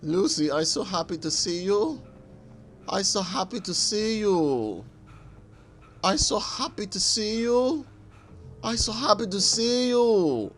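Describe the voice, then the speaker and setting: A man's voice: animated, takes it slowly, fairly bright tone, faint music behind, heavily acted. A man putting on the voice of a childlike toy teddy bear that keeps squealing with joy. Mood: gleeful. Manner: high squeaky sing-song repetition.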